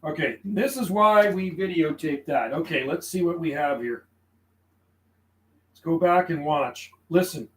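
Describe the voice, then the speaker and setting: A man's voice: fairly high pitch, a little slow, echoey room, poor audio. A man working as an amateur radio operator, chatting over the air in call signs and codes, then talking to himself as he logs his contacts. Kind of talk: casual radio call and logging chat.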